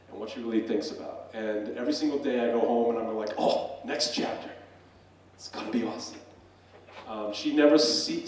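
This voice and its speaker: A middle-aged male professor speaks earnestly on stage in a conversational way, with plenty of ums and uhs. His voice sits at a medium pitch. The room is very echoey, and he sounds distant from the mic. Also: a little mellow, a little hiss or hum. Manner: earnest, conversational, with frequent fillers. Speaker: professor giving a talk. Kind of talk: public talk. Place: stage in a hall.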